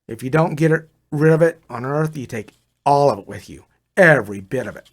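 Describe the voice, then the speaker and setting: An older man reads his own first-person story aloud at a middling pitch. He sounds confiding and speaks directly to the listener, calling him "brother". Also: expressive, a little fast.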